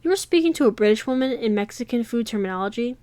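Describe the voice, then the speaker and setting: Woman putting on a blunt british gal pal, teasing and loud, dry recording. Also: fairly high pitch, expressive, fast, no echo, close to an everyday voice.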